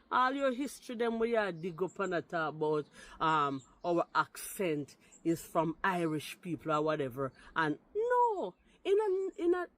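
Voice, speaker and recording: A woman from Jamaica with a Jamaican accent giving emphatic, argumentative reaction commentary to camera, mixing patois into her speech. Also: lowish voice. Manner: emphatic and argumentative, repeats "you understand?". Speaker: vlogger responding to a video.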